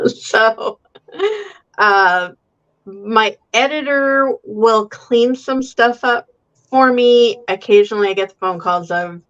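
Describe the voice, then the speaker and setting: A woman's voice: on the high side, slow, fairly bright tone, lo-fi sound. A woman author talking as a guest in a casual chat, wry and joking, laughing often.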